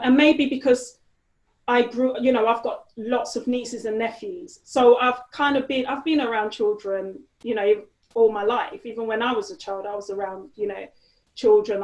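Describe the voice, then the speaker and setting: Lady being interviewed, lots of um and you know, kinda echoey room. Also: on the high side. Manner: chatty, lots of fillers and restarts. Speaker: interview guest. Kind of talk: casual conversational interview. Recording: roomy echo.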